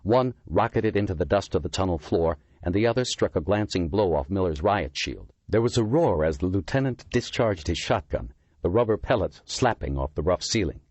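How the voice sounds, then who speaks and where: A male narrator with a very deep, husky voice reads a thriller audiobook with an animated, rising and falling delivery. The recording is close and completely dry. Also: moderate pace, hardly any pauses, no room sound. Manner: dramatic storytelling.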